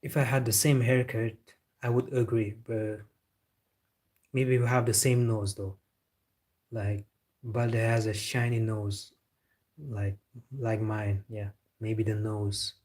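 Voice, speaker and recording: A man's voice: on the low side, little pitch movement, slow, long pauses, a little mellow. A man from Senegal hosting a football live stream. He chats casually, answers viewer comments, jokes and says "bro" a lot. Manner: laid-back, joking, says "bro" often.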